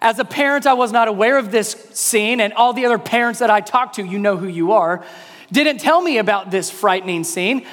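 A pastor in his thirties telling a family story as a sermon illustration, acting out his kids' voices in high shouts. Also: brisk. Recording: long hall reverb.

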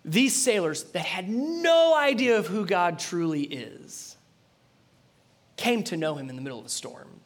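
A man preaching a sermon and reading scripture aloud, animated, swinging between loud emphasis and quiet, earnest intensity. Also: high-pitched, a little slow.

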